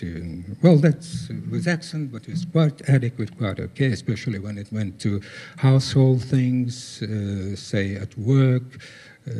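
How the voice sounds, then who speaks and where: An older man gives a conference talk over slides, halting, with many pauses and fillers. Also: medium pitch, warm tone, husky. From former Soviet Union. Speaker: guest speaker.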